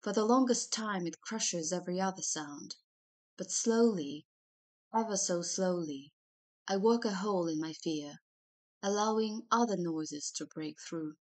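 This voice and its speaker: Low-voiced woman narrating an audiobook. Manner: measured, expressive storytelling. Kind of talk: first-person novel narration.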